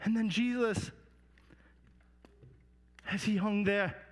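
A man telling a Bible story in the first person, slow and solemn, rising to loud cries at the quoted lines, recorded in a large reverberant hall. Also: sits high, fairly even intonation. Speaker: dramatic storyteller.

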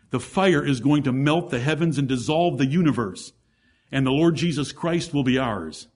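A male pastor preaching a sermon, swinging from fervent raised passages to quiet, intimate asides to the congregation. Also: mid-range voice, breathy edge. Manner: addresses congregation as brethren, rhetorical questions.

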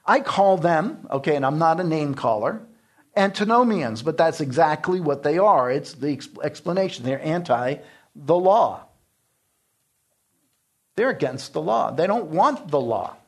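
A man's voice: fairly high pitch, animated, a little slow. An older man teaching a sermon-style Bible class in an emphatic, earnest way, his voice climbing in outbursts.

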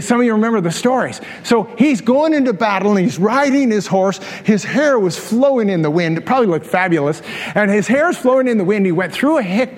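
A middle-aged male pastor preaches with a notably high voice, mixing storytelling with wry humor. His words ring out with a long reverb, as if he is in a large church hall. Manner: storytelling, humorous asides, laughs at own jokes. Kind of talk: sermon.

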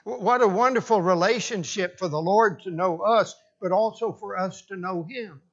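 A man preaching a sermon, slow and deliberate, often restarting his phrases for emphasis. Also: sits high, fairly bright tone, muffled recording.

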